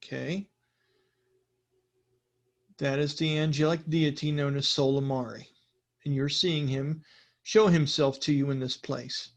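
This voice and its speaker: A game master narrating a tabletop role-playing session in a relaxed, conversational way, asking players for rolls. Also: medium pitch, a little slow, long pauses.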